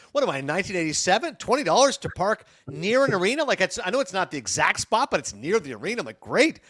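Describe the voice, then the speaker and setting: A middle-aged man, a sports broadcaster guesting on a podcast, telling animated stories and acting out the dialogue. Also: high voice. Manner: animated, acts out dialogue in his anecdotes. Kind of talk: podcast storytelling.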